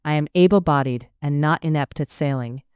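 A narrator voicing a gentle, steady young husband in an audiobook, speaking low and calm. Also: brisk, smooth, no echo, clean studio sound, natural voice. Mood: firm. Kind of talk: audiobook character voice.

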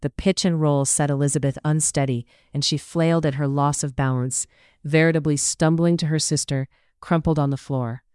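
An audiobook narrator reading a period romance in an even, measured way, close to the mic. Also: mid-range voice, clean tone, no echo. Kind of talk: scripted narration.

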